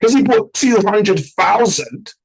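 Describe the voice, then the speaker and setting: A man teaching in an informal, animated way, using everyday analogies and repeated sound effects to make his points. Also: high-pitched, a little slow, vocal fry, poor audio. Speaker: trading educator.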